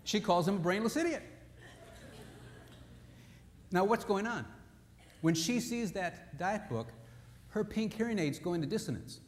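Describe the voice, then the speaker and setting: A man preaching a sermon, telling humorous, animated stories to make his points. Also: high voice, normal speed, long reverb tail, slight background noise.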